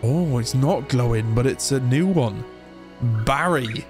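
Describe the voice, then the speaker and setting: Excitable man commentating gameplay. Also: mid-range voice, slow pace. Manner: excitable, chatty, exclamatory. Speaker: gaming YouTuber. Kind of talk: let's play commentary. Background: game music.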